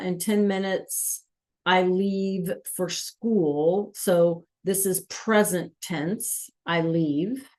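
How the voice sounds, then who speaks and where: A woman's voice: medium pitch, darkish tone. A woman teaching a Spanish class over a video call, often checking in with "right?" and "okay?". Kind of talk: online class lesson.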